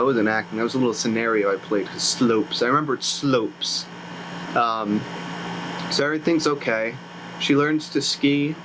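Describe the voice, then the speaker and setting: A man's voice: medium pitch, fairly bright tone, a little hiss or hum, rough recording. Rambling young man recapping a movie. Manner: rambling, self-correcting, sarcastic. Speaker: YouTuber reviewing a movie. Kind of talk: casual rambling commentary.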